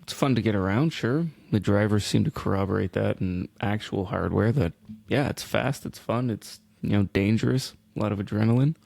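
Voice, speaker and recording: A man co-hosting a racing podcast in casual chat, with a dry, wry, deadpan way of talking. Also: lowish voice, normal speed, gravelly, no echo. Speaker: podcast co-host.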